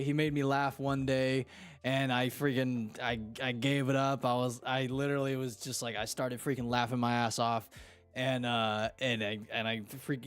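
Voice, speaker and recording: A man hosting a casual podcast and reading live chat, talking in a slangy, animated way. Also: mid-range voice, smooth. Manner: slangy and animated, fond of "dude" and "freaking".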